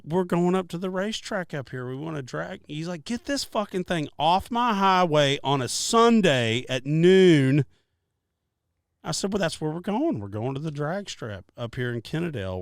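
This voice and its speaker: A man's voice: medium pitch, vocal fry, no room sound, studio quality. Profane man telling a wild story. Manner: profane, animated storyteller acting out quotes. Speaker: podcast co-host. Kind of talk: casual storytelling.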